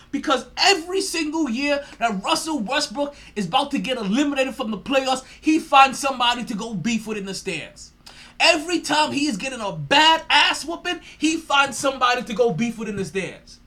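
A man's voice: very high-pitched, sharp tone. A man hosting a sports podcast, ranting in a profane, mocking way and laughing often. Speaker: podcast host.

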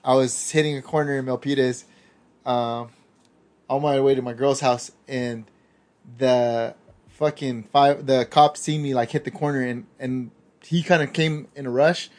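Young male podcast host, casual and laid-back, ordinary middle-pitched voice, rambling storyteller. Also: steady tone, measured pace, a little mellow. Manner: laid-back storytelling with frequent fillers and slang.

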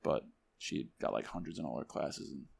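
A man co-hosting a casual podcast, chatting in an animated way and imitating other people as he tells stories. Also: very deep voice, normal speed, creaky, slightly rough. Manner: animated, mimics voices in stories. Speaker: podcast co-host. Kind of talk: casual chat.

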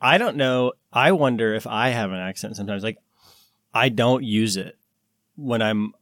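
Male co-host, casual rambling talker, lowish voice, dry sound. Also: normal speed, a bit bright, no echo. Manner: rambling, frequent fillers and restarts. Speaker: podcast co-host. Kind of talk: casual chat.

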